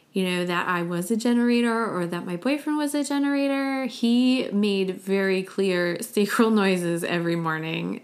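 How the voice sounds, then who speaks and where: A young woman hosting a casual solo podcast, playfully acting out little sounds and laughing often. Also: medium pitch. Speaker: podcast host.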